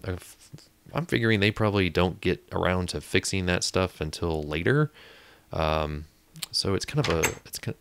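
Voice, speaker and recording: A man's voice: low-pitched, creaky, noisy background. A young man from Indiana, chatting and rambling as he plays a video game, easily startled. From Indiana, USA. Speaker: gaming YouTuber. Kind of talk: casual gameplay commentary.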